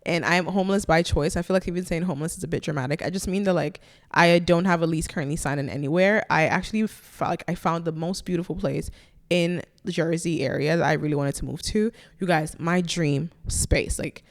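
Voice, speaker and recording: A woman's voice: fairly low pitch, fairly quick. A woman in her twenties hosting a solo podcast, talking candidly and rambling, with casual swearing. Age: 20s. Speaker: podcast host.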